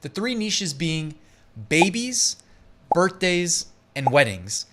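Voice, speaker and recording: A man's voice: on the high side, very animated, slow, fairly bright tone, slight background noise. A man hosting a casual online business tutorial, chatty and upbeat, laughing easily as he talks. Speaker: host.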